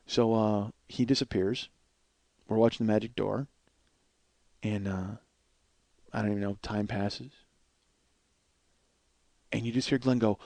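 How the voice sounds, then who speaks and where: A man in his forties hosting a podcast, telling a comic story from his childhood in an animated, profane way. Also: fast, long pauses, no echo. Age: 40s. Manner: animated, profane, acts out voices with big pitch swings. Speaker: podcast host.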